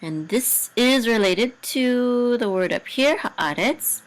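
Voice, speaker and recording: A woman's voice: a little high, animated, slow pace, rough recording. A woman teaching a language lesson, patiently sounding out words syllable by syllable, with hesitant fillers and restarts. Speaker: Hebrew and Torah cantillation teacher.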